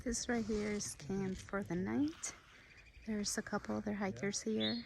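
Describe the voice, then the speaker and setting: A woman's voice: medium pitch, steady tone, unhurried, vocal fry, noisy background. A woman vlogging on a mountain trail, chatting to the camera in a casual, easily delighted way and sometimes short of breath from the climb. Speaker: hiking vlogger.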